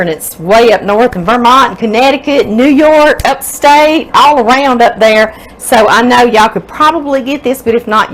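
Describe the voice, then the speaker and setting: A woman's voice: fairly high pitch, low-quality recording. A middle-aged woman from Louisiana with a Louisiana accent, hosting a home cooking show in a rambling, chatty way and talking straight to her viewers. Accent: Southern US, Louisiana. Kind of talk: casual home cooking demonstration. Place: home kitchen.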